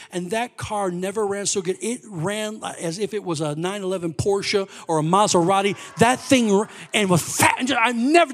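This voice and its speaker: A man with a high voice preaches to his church. He tells his story with lively swings, dropping to quiet asides and then rising to loud, ringing exclamations. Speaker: pastor. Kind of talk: sermon storytelling.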